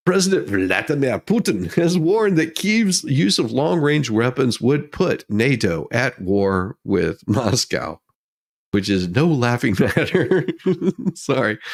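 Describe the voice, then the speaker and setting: Male host of a joke news show who can't stop laughing while he reads; unhurried and animated. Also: on the high side. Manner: giggly, keeps breaking into laughter while reading. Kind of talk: comedic news commentary.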